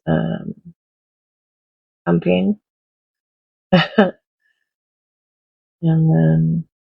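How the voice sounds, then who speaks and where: A middle-aged woman chatting casually and rambling while she crafts at home, with soft laughs. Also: low voice, gravelly, husky, narrow, tinny audio. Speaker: craft video host. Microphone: smartphone.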